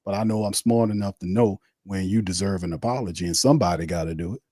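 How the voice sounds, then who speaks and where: A man's voice: deep voice, fast talker, mellow, breathy edge, no room sound, clean studio sound. A man hosting a live sports watch party, ranting bluntly and repeating himself. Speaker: sports podcast host.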